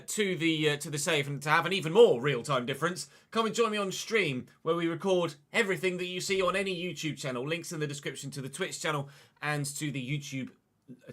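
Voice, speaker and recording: A man's voice: a little high, pushed and bright. A young man commentating his football video game live, chatty and thanking viewers by name between plays. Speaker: gaming streamer.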